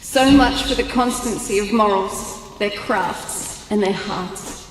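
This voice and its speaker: A woman voicing a sorrowful, stately goddess in a video game, speaking slowly and solemnly. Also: lightly acted. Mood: mournful. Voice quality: slow, solemn and booming. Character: sorrowful, stately female goddess calling from beyond. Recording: huge echo, long reverb, background noise.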